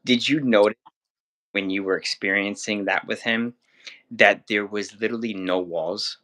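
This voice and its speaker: A man's voice: fairly low pitch, fairly even intonation, moderate pace, pushed and bright. A man co-hosting a podcast who talks reflectively about spiritual growth, often repeating words and asking "right?". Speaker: podcast co-host. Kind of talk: spiritual discussion.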